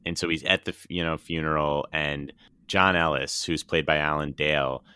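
Brief: very deep male podcast host, crisp and bright, leads the talk. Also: steady tone, normal speed, no room sound. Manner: leads the segment, recaps and asks the others in turn. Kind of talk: casual chat.

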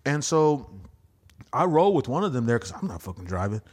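A young man, a stand-up comic guesting on a podcast, telling wild party stories in a rambling, profane, animated way. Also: medium pitch, a little fast. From Houston area. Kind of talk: casual storytelling chat.

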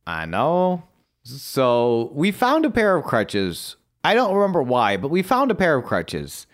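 Lively, animated male podcast co-host. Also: mid-range voice, measured pace. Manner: animated storyteller, swears casually. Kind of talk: casual chat and match recap.

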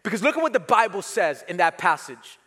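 Pastor, man, high voice, emphatic sermon delivery, long church-hall reverb. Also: big pitch swings, a little fast, sharp tone. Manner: emphatic preaching, repeats key phrases, leads the congregation.

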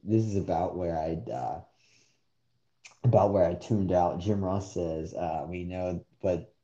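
A man's voice: deep voice, steady tone, measured pace, warm tone. A man co-hosting a casual podcast chat, blunt and dismissive, often laughing at what he describes. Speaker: co-host. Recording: echoey dull-sounding room.

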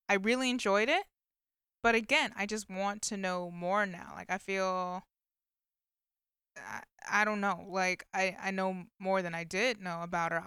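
A woman with a bright, forward voice talks casually, filling her retelling with likes and you-knows. Her tone is very smooth and clean, recorded close and dry with no room sound. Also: mid-range voice, no echo. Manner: chatty storytelling with many fillers. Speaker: vlogger recapping a movie. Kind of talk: casual chat.

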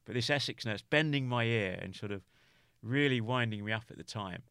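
A man from the United Kingdom, a podcast guest, recounting a personal story in a halting way, full of restarts and "you know" fillers. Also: mid-range voice, fairly bright tone, clean tone, no echo, clean studio sound.

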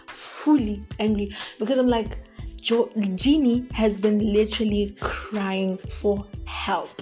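A woman's voice: mid-range voice, steady tone, slow, a little mellow, soft background music. Emphatic woman hosting a podcast. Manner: emphatic, repeats herself, addresses listeners as guys. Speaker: podcast host. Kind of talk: casual commentary monologue.

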